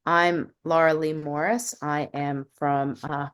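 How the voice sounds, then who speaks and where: A woman from West Virginia who introduces herself casually, with some halting, then reads her short fiction aloud in a steady way. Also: low-pitched, clean tone. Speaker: fiction reader.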